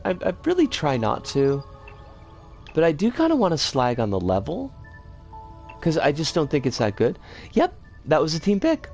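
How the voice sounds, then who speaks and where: Wildly animated woman streamer. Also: low-pitched. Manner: chatty, rambling, bursts into frustrated outbursts. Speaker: game streamer. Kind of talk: casual live-stream commentary while playing.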